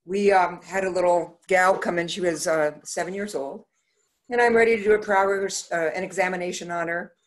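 Speaking a little fast with a fairly low voice, this middle-aged woman is an optometrist presenting at a conference. She animatedly recounts patient stories, performing their lines herself.

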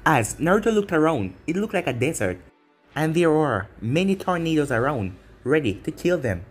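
A man's voice: fairly high pitch, sing-song, moderate pace, husky. A man reading fan fiction aloud as narrator, in plain run-on narration. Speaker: story narrator. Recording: faint music behind.

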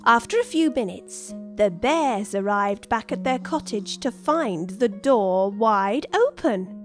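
A woman reading a children's story aloud, expressive and unhurried. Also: medium pitch. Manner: slow, lively, expressive. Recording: dry studio with soft music.

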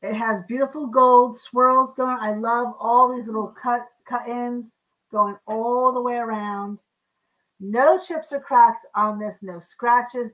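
Lady running a live auction stream, high voice, chatty, goes on about each piece. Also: fairly even intonation, slow, a bit bright, low-quality recording. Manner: chatty, describes items, counts down bids. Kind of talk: casual live-stream selling.

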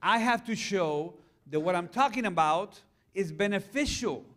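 A middle-aged male pastor giving a lively conference talk, chatting with the audience and asking them questions. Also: sits high, unhurried. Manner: animated, conversational, asks the audience questions.

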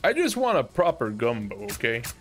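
A man's voice: medium pitch, wildly swooping pitch, fairly quick, soft background music. A man streaming a video game live, chatting casually with viewers, cracking profane jokes and laughing often. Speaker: gaming streamer.

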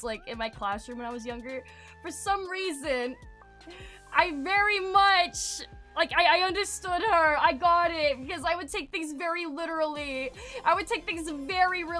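A woman livestreamer telling rambling, animated stories in casual chat, filling her talk with fillers and greeting viewers as she goes. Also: high-pitched.

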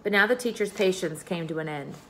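A woman reading a children's storybook aloud in an expressive way. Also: fairly low pitch, fairly quick. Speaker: reader.

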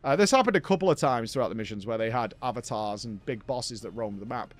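A man's voice: mid-range voice, fast talker. A man hosting a gaming show, recapping a game in a rambling, enthusiastic way.

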